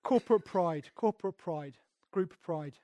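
A man's voice: sits high, a little slow, mellow, no echo, lo-fi sound. A man, a pastor, preaching a sermon conversationally and emphatically, often repeating words as he goes.

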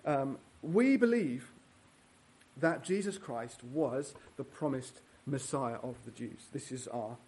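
A man's voice: mid-range voice, lively intonation, slow pace, darkish tone. A man preaching a sermon in a church, earnest and teaching verse by verse with fillers and restarts.

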